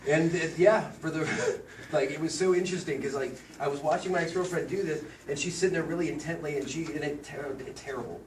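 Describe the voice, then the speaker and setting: A man's voice: a little high, fast talker. A man telling fond, chatty stories at a memorial gathering, laughing as he recalls a friend. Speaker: guest sharing memories. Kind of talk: casual anecdotes at a memorial. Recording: echoey room, far from the mic, background noise.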